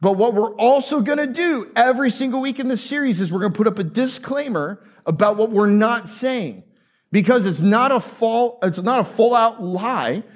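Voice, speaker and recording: A man's voice: very high voice, normal speed. A male pastor preaching a conversational sermon to a live congregation, joking and asking them questions.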